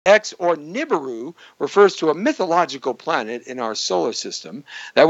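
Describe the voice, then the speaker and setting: A man hosting his live online show, rambling and joking, jumping into sudden high squeaky bits. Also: big pitch swings, moderate pace, dry recording. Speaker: host. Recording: dull lo-fi stream audio.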